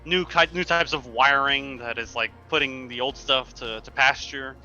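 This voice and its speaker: Bright-voiced male game master, laughing. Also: medium pitch, steady tone, moderate pace, lo-fi sound, faint music behind. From United States. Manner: laughs often, loose rambling narration. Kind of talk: narrating a tabletop game.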